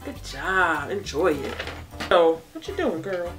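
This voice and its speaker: Animated woman vlogger, chatty Q&A. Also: fairly low pitch, slow pace, far from the mic, music in the background. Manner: chatty, laid-back, talks to her baby between answers. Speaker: beauty and hair vlogger. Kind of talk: casual Q&A vlog.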